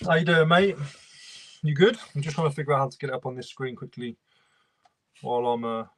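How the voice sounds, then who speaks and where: A man's voice: mid-range voice, a little fast. A young man, casually chatting and greeting viewers by name while he works on a livestream. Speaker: reseller livestream host.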